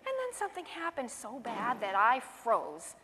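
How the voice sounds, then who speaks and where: A woman reading her own rhyming children's poem aloud in a sing-song, expressive way. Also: on the high side, normal speed, in a large hall, a little hiss or hum.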